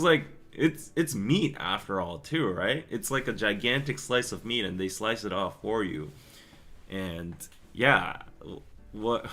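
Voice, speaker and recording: A young man rambling cheerfully through a live-stream chat, his voice bright and forward, pitched a little low. He talks in loose, chatty runs with asides and laughs, and soft music plays faintly behind him. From Korea. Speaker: podcast host reading live chat.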